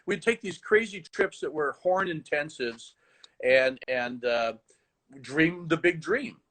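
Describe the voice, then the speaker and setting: A man who teaches the horn, telling stories in animated conversation with frequent restarts over a video call. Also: fairly high pitch, slow, rough recording. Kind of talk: conversational storytelling.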